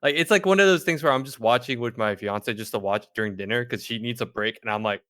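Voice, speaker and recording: A young man co-hosting a casual podcast, with a middle-pitched voice. He rambles through his stories, padding them with "like" and "um". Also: fast, bright, forceful tone. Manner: rambling, filler-heavy storytelling. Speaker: podcast co-host. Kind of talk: casual chat.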